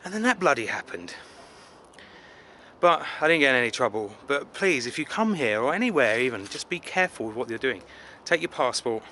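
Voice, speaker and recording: Speaking brightly and forcefully in a sing-song, medium-pitched voice, an English travel vlogger talks a little fast as he rambles around a city. He's self-deprecating and uses plenty of fillers, and there's slight background noise.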